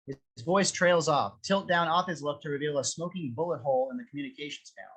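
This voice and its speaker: A man narrating a script reading, with a steady, descriptive reading of the stage directions. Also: on the high side, quick pace, husky, poor audio.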